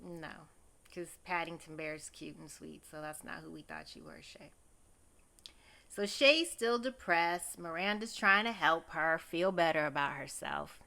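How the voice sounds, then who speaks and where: Bright-voiced woman gossiping about a TV episode. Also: low voice, animated, a little slow, vocal fry. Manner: chatty, gossipy, exclaims and addresses viewers as y'all. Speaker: TV recap host. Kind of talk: casual TV episode recap.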